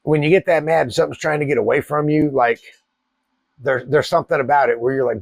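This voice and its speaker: A man, telling a wild personal story in a profane, animated way. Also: fairly high pitch, a little fast, creaky, no room sound. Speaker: cigar channel host. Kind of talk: casual storytelling.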